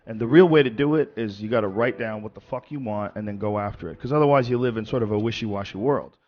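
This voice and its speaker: A man's voice: fairly low pitch, fast talker. A man hosting a podcast, giving blunt, emphatic advice with casual swearing. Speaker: podcast host. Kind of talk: casual chat. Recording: slightly dull sound.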